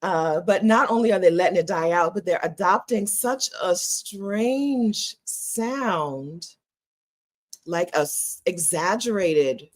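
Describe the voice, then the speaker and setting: A middle-aged American woman vlogging in a casual, opinionated way, emphatic and laughing often. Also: on the low side. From United States. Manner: animated, emphatic, laughs often, repeats phrases.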